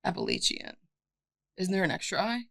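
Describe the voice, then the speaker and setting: A woman's voice: lowish voice, expressive, brisk, pushed and bright, dry recording. A young woman co-hosting a podcast, talking bluntly and sardonically with frequent laughs. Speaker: podcast co-host. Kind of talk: casual chat.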